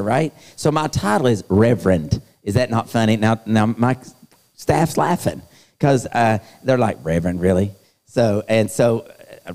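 A man's voice: medium pitch, a little mellow. A middle-aged man, preaching to a live youth conference in a playful, teasing way and talking straight to the crowd. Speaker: youth speaker. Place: large hall. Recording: long hall reverb.

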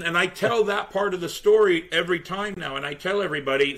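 A pirate museum tour guide and entertainer tells stories on a pirate-themed podcast, chatting casually and acting out the quotes with animated energy. His fairly high voice moves fairly quickly with few pauses, and there's background noise.

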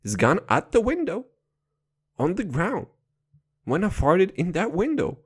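A man's voice: sits high, wildly swooping pitch, a little slow, breathy edge. A young man hosting a podcast, speaking English as a second language, rambling crudely, swearing constantly and laughing at his own jokes, right up against a close microphone. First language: not English. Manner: profane, rambling, playful, laughs a lot. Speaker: podcast host. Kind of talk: crude comedic podcast rant.

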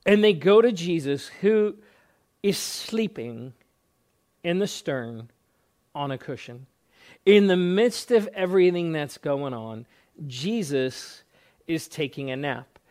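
A man's voice: a little high, animated, takes it slowly, long pauses, darkish tone. A man preaching a sermon as a pastor, earnest, often repeating words and stretching out phrases for emphasis.

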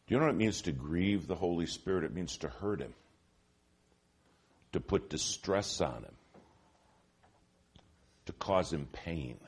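A man preaching a sermon in an auditorium, telling stories with lively swings from hushed to loud. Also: low voice, a little slow, pauses often, slightly rough. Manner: animated storytelling, shifting from hushed to loud.

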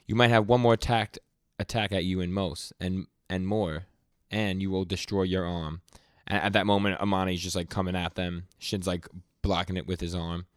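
This young man's voice is low-pitched with a flat delivery, recorded at studio quality without echo. As a podcast co-host in a casual manga recap, he recounts comic scenes through quick quoted lines, stammering a lot and tripping over words.

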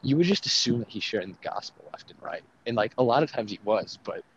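A young man with a mid-range voice chats animatedly and quickly about faith, full of fillers and laughter, outdoors near traffic. The lo-fi recording sounds dull, with faint traffic noise behind him.

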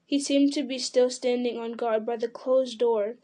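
Woman reading a fantasy book out loud, kinda high, mellow, dramatic with little slips. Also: steady tone, moderate pace. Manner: dramatic storytelling with occasional slips. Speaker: reader. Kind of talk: reading a fantasy novel aloud.

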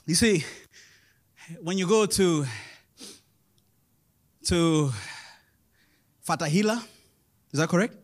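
A man in his thirties preaching a sermon as pastor, animated, laughing often and rising to loud emphasis. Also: high voice, takes it slowly, long pauses. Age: 30s. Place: church in Indonesia.

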